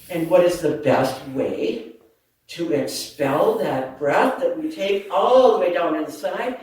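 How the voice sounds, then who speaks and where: A woman's voice: fairly low pitch, slow pace, recorded from a distance. Laughter yoga leader: woman, playful, laughs often, voice carries through a very echoey hall from some way off the mic. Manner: lively and laughing, playful asides. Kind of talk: talk to a group. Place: community hall.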